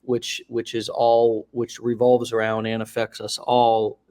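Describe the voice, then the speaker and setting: With an unhurried, mellow, monotone delivery at medium pitch, a man hosts a live interview show. He rambles warmly through lengthy questions, frequently restarting and filling gaps.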